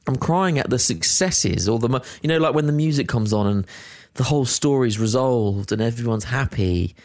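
A young man, chatting as a podcast co-host in an animated, sweary, self-deprecating way. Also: medium pitch, normal speed, dry recording, clean studio sound. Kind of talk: casual chat.

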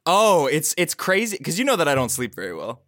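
Bright-voiced joking male podcast co-host. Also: fairly high pitch, a little fast. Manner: deadpan joking, playful exaggeration. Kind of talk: casual comedic banter.

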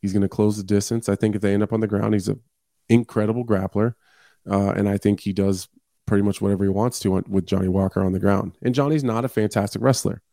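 A man's voice: on the low side, fairly even intonation, fast talker, creaky, warm tone, no echo, clean studio sound. A man appearing as a fighter on a sports talk show, speaking frankly with stammering restarts. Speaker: guest fighter. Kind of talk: casual sports chat.

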